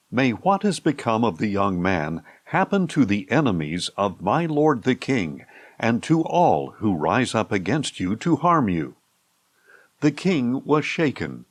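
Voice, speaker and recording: A man narrating a scripture audiobook in a slow, measured, expressive reading. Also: fairly low pitch, no echo.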